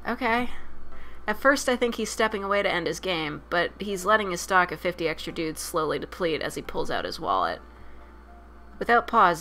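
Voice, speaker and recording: A young woman streamer reading a dating sim aloud with loud, profane, expressive commentary. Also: fairly low pitch.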